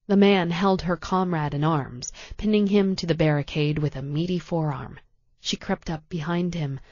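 Woman narrator, thriller audiobook, measured tense reading, lowish voice, slow. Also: darkish tone, no room sound, muffled recording.

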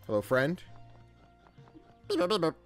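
With a fairly high voice that swings hugely in pitch, a young man talks a little slowly over faint background music. He's a gaming YouTuber doing a playful let's-play, reading the game's text out loud, cracking jokes, laughing often, and using plenty of slang in a chatty manner.

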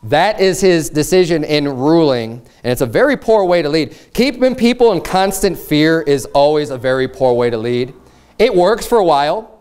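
A man delivers a sermon in an earnest, emphatic way and repeats his key phrases to drive them home. His voice sits somewhat high for a man, with a smooth and resonant tone. He shifts into a formal, old-fashioned cadence when he reads scripture aloud. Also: lively intonation, moderate pace, a little mellow. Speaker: pastor.

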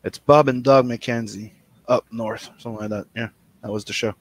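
Man, host from Canada, mid-pitch, dry close mic, loose profane chat with lots of restarts. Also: moderate pace, no room sound. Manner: animated, swears a lot, restarts and stammers. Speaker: podcast host.

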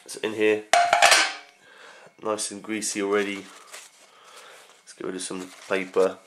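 A young man rambling through a casual early morning vlog at home, his voice groggy and croaky from just getting up. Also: lowish voice, level tone, measured pace, a little hiss or hum. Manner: rambling, scattered. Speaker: vlogger.

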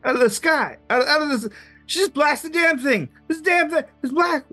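A man voicing a flustered male band manager in a tabletop game, talking in excited, sputtering repeats. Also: a little high, normal speed, breathy edge, faint music behind. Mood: amazed.

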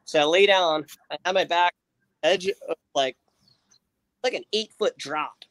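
A man with a slightly high voice speaks a little slowly, with no room sound, as he tells a long story during casual livestream chat. He rambles through lots of fillers and restarts and animatedly acts out his friends' lines.

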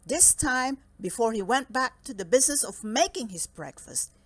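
A woman reading a children's picture book aloud in a slow, expressive storytelling manner. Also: fairly high pitch, husky, dry recording.

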